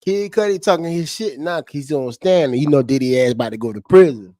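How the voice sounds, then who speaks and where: A man streaming to his chat, reading court testimony in a flat voice and then breaking into slangy, profane, laughing commentary. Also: on the high side, brisk, no echo, studio quality. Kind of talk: casual livestream commentary.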